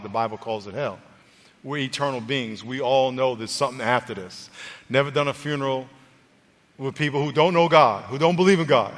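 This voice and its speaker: In a church auditorium, a male pastor preaches and leads an altar call, earnest and conversational, his medium-pitched voice a bit bright. Long church reverb and faint music fill the recording.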